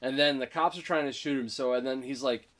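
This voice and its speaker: A mid-pitched man co-hosting a casual chat recaps a movie with excitement. He keeps switching quickly into character voices to act out the lines.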